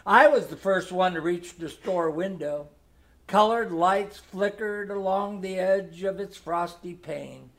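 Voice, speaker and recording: A man reading a nostalgic holiday story aloud in a gentle storytelling manner. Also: high voice, slow. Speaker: narrator.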